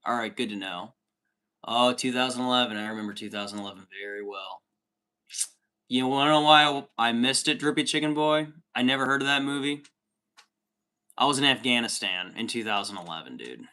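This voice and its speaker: A man's voice: mid-range voice, bright, forceful tone. A man in his thirties hosting a livestream, chatting casually and swearing often while reading out chat comments. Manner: profane, rambling, says dude a lot.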